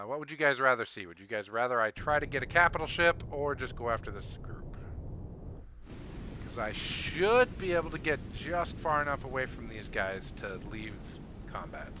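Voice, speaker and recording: Man streaming a game over loud game noise. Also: mid-range voice, animated, measured pace, pauses often. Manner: eager, talks to viewers, barks naval orders. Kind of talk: live gameplay commentary. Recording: game sounds loud behind the voice.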